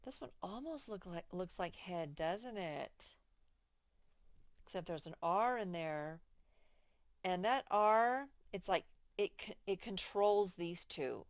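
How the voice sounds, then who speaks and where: Woman, first-grade phonics teacher, slow drawn-out words, lowish smooth voice. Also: expressive, dry recording. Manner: slow, clearly stretched-out words for children. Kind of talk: slow, patient phonics lesson to young children.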